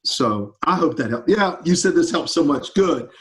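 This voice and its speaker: A man's voice: on the high side, animated, normal speed. A man, a campus ministry pastor answering students' questions in an enthusiastic, upbeat casual chat over a video call.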